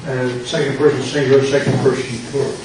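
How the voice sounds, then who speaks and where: An older man, a pastor, slowly and patiently explaining grammar in a classroom lecture. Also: medium pitch, flat delivery. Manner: slow, patient explaining with repetition. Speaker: pastor teaching a Greek class. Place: church classroom. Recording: echoey classroom from far off with background noise.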